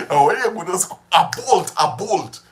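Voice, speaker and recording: Chatty man hosting a stream. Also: sits high. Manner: chatty and reminiscing, laughs often. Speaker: livestream host. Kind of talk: casual livestream chat with viewers.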